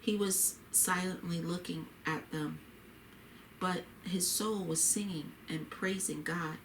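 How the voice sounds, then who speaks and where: A woman narrating a scripted story in a measured, plain way. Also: fairly low pitch, steady tone, far from the mic, a little hiss or hum. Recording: roomy echo, faint ambience.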